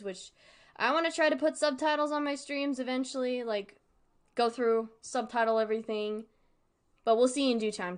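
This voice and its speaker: A woman's voice: mid-range voice, clean tone. A woman streamer chatting casually and digressively while reacting to a horror series, often breaking into laughter. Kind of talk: casual live-stream commentary.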